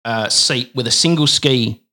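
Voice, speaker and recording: A man's voice: mid-range voice, measured pace, sharp tone. A man with an Australian accent, chatting as a podcast guest and telling rambling, playful stories. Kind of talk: casual podcast chat.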